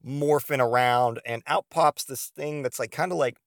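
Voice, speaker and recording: A man's voice: medium pitch, normal speed, no room sound, studio quality. A man hosting a podcast, telling a comedic story in a rambling, profane way full of fillers. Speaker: podcast host.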